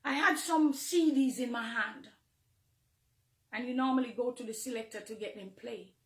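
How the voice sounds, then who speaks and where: A middle-aged woman with a Jamaican accent, a minister giving an emotional, confessional testimony from the pulpit, moving between hushed and fervent. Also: on the high side, normal speed, roomy sound. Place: church, near the pulpit.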